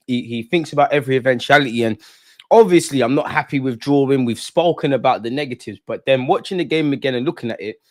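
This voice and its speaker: A man's voice: fairly high pitch, no echo, studio quality. A man hosting a live football watch-along, talking in a casual, opinionated, rambling way full of slang. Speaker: football fan channel host.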